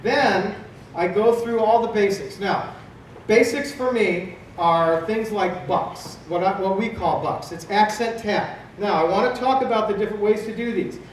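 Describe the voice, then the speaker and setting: A man in his fifties leads a drum clinic in a big convention hall, firing questions at the crowd and answering them himself. His voice sits high for a man and reaches the mic from a distance, with heavy echo and clear background noise. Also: a little slow. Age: 50s. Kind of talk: live drum clinic talk.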